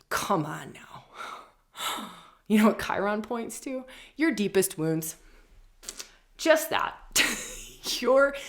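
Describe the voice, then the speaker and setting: A woman's voice: sits low, gravelly. A woman hosting an astrology forecast, talking emphatically and repeating key phrases. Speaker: astrology show host. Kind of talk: spiritual astrology forecast talk.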